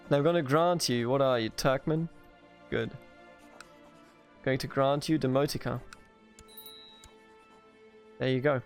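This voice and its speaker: A man's voice: a little high, moderate pace, long pauses, faint music behind. A man from Bavaria in Germany commentating a strategy game let's play, playful and mock-grandiose as he talks to the characters on screen. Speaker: gaming video host.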